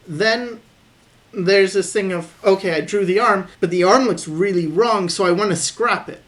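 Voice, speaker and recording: A man recording a voice-over as he sketches, calmly thinking aloud about his drawing habits and encouraging viewers to keep practicing. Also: high-pitched, moderate pace. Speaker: artist teaching drawing. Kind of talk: voice-over commentary while sketching.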